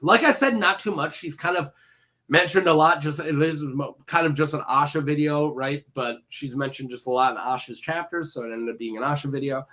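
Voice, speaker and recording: A man's voice: a little high, brisk, bright, forceful tone. A man casually retelling fantasy lore for a video, rambling with many fillers and self-corrections and throwing in jokey asides to the viewer.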